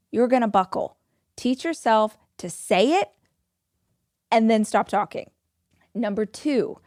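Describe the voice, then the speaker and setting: A woman's voice: fairly high pitch, dry recording. Firm woman podcast host, dry close sound. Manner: firm, emphatic advice-giving with acted example lines. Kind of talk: motivational podcast monologue.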